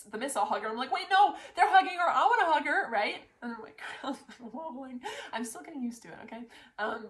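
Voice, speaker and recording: Excitable woman in a roomy room. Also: on the high side. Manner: excitable, breathless retelling full of "like" fillers. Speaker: pageant titleholder. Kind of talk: casual storytelling to camera. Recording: roomy echo.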